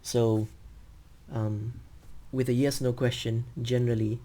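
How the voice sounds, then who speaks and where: A man teaching English over a video call, explaining patiently and slowly with frequent ums. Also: medium pitch, level tone, warm tone. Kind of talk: screen-share teaching demo.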